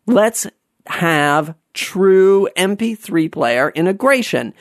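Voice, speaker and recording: A man hosting a casual monologue, rambling and going off on tangents, sometimes ranting with animated exasperation. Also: high voice, slow, no room sound, clean studio sound. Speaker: podcast host.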